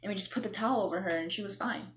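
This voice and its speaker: A woman's voice: mid-range voice, rapid-fire, fairly bright tone. A young woman vlogging, telling a story in a rambling, self-mocking way, acting out herself and her mom. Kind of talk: casual storytelling to camera.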